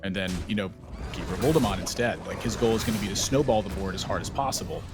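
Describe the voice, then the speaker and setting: A man casting a card game tournament live, chatty and prone to sudden high exclamations. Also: fast, over music. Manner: excitable, jumps into high exclamations. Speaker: esports caster.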